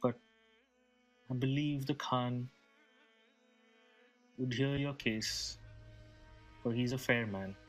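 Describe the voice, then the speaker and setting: A man playing a calm, persuasive male desert traveler in a tabletop game, measured and reassuring. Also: medium pitch, faint music behind, lightly acted.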